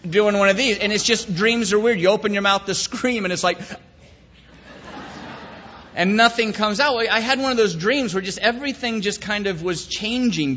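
High-voiced preacher in an echoey hall. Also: male voice, normal speed, pushed and bright. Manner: folksy storytelling with fillers, solemn in prayer. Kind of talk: sermon with a comic story and prayer. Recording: dull echoey hall recording.

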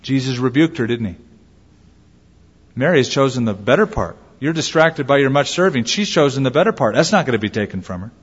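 A man's voice: mid-range voice, animated, fairly quick, breathy edge. A man preaching a sermon as a pastor, acting out quoted voices as he goes. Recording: lo-fi with long hall reverb.

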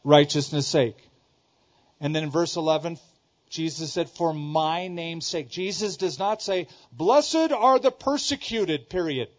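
Man, middle-aged, pastor, from southern california, sermon, emphatic and repetitive, somewhat high voice, muffled lo-fi recording. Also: fairly even intonation, a little slow. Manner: emphatic, repeats key phrases, shifts between loud exclamations and quiet asides.

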